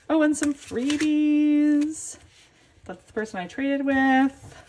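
A young woman chats through an album unboxing, gushing and exclaiming as she goes. Her voice sits a little high. A faint hiss runs under the recording. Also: extremely slow, pauses often. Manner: excitable, gushing, lots of gasps and exclamations. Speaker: album collecting vlogger. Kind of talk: casual unboxing vlog.

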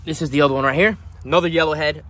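A man hosting a casual vlog at his animal ranch, gushing with excitement and at times quietly sad. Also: a little high, racing. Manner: gushing, excitable, swings from loud delight to quiet sadness. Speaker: reptile breeder and channel host. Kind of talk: casual vlog talk to camera.

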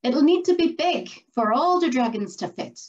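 A woman's voice: high-pitched, lively intonation, normal speed, pitched above the performer's own voice. A woman doing a small, dainty bog moss spirit. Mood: firm. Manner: soft but firm. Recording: dull lo-fi recording.

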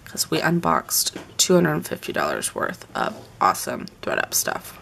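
A woman's voice: a bass voice, wildly swooping pitch, moderate pace, creaky, fairly bright tone, slight background noise. A woman chatting casually on a live stream while decorating a planner at home, muttering asides to herself as she works.

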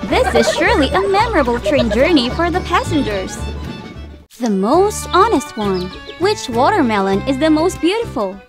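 High, lively woman narrating a toy story. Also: fairly quick, few pauses, over music. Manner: bright, questioning storyteller tone.

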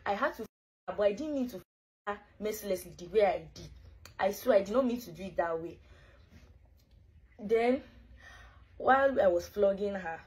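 A woman's voice: medium pitch, a little mellow, poor audio. A woman in a played clip, pleading and apologizing over and over. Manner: pleading, repetitive.

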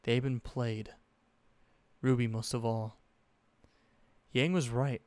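Smooth-voiced man reading a fan story. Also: mid-range voice, slow pace, no room sound. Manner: expressive, with self-corrections. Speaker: fanfiction narrator.

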